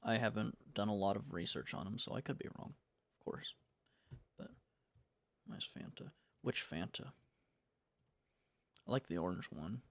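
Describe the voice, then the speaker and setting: A man's voice: fairly low pitch, lively intonation, unhurried, vocal fry, pauses often, no room sound. A young man from the United States chatting casually on a game-dev livestream, rambling and laid-back, full of slang. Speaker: game developer streaming.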